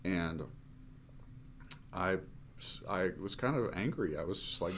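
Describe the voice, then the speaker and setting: Deep-voiced earnest man in his fifties. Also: lively intonation, slight background noise. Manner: earnest, halting with fillers and restarts. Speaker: missionary guest. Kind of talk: conversational storytelling.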